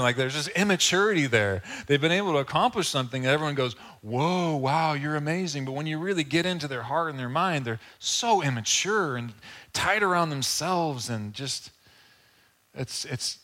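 A man preaching a sermon in a conversational, casual way, with asides and quick acted-out quotes. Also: a little high, sharp tone. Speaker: pastor.

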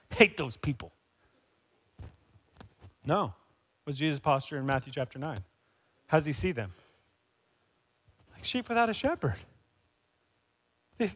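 A man preaching a sermon as pastor, speaking conversationally and rising to animated emphasis. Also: on the high side.

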